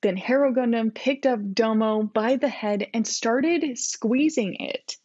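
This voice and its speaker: A woman's voice: fairly high pitch, unhurried, darkish tone, dry recording. Woman laughing through her old fanfiction. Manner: amused, laughs at her own writing. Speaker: podcast co-host. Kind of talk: reading her childhood fanfiction aloud. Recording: dull lo-fi recording.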